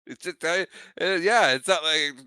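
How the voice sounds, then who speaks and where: Co-hosting a podcast, a young man animatedly recounts a movie scene in casual conversation, performing the characters' lines and laughing frequently. His voice is fairly high and smooth, his pace moderate, and there's no room sound.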